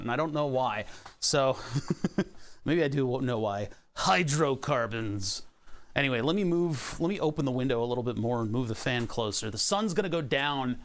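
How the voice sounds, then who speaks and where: Man, livestream chat, home workshop, desk mic, rambling, self-mocking jokes, slightly high voice. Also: fairly bright tone. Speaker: streamer. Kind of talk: casual livestream chat while working on electronics.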